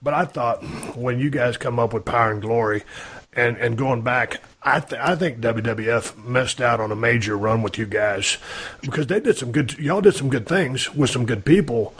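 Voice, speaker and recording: Husky man asking long questions. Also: medium pitch, normal speed, fairly bright tone. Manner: long-winded, enthusiastic questions. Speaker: podcast interviewer. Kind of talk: casual interview questions.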